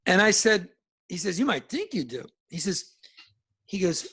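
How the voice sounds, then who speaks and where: A man's voice: high-pitched, very animated, normal speed, pauses often, pushed and bright, husky. A middle-aged musician from New Jersey and Alabama, telling rambling anecdotes in a casual interview and acting out the voices of people he quotes. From northern New Jersey and Alabama. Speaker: musician guest.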